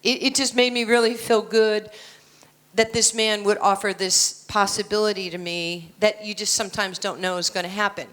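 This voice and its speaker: At normal speed and with a steady, fairly bright tone, a medium-pitched woman's voice delivers a motivational keynote. The speaker is a blunt, confident American in her sixties on an indoor conference stage, mixing in jokes as she goes.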